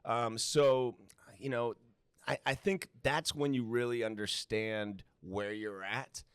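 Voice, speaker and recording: A man, a guest actor and radio personality, telling animated stories to a student audience. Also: medium pitch, slow, smooth, no echo. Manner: animated, emphatic storyteller. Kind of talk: storytelling to a live student audience.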